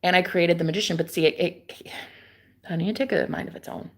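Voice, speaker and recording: A young adult woman live streaming a rambling, confiding monologue, dropping to whispers and then rising to loud, profane exclamations. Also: on the low side, a little fast. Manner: swings between hushed whispers and loud exclamations.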